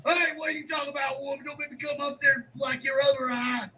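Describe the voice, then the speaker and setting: Earl Webster, a shrill trailer-park loudmouth. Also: male voice, level tone, quick pace, a little hiss or hum, poor audio. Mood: crude bragging. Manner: loud, crude and boastful. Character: crude trailer-park man giving a house tour.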